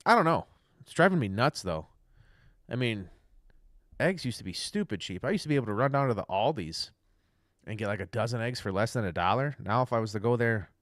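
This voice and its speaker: A man's voice: fairly low pitch, a bit bright, no room sound, studio quality. A young man rambling casually through a livestream rant, loose, chatty and profane. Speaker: livestream host.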